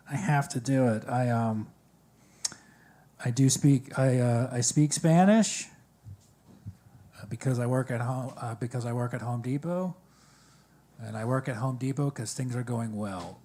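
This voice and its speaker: Man, stand-up comic at an open mic, dry, halting delivery, mid pitch. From Maryland. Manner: halting, dry, many fillers. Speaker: stand-up comedian. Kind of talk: stand-up comedy set. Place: coffee shop open mic stage.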